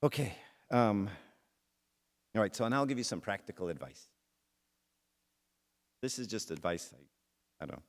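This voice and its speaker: A man's voice: lowish voice, expressive, normal speed, pauses often. A middle-aged man giving a conversational church talk that centres on a personal story, speaking straight to the audience. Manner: conversational, addresses the audience directly.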